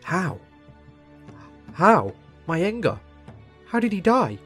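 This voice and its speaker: A man's voice: high-pitched, very animated, slow pace, slightly rough, soft background music, pitched above the performer's own voice, full character voice. A man voicing a royal father crying out in grief and disbelief. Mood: anguished. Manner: anguished, shouting.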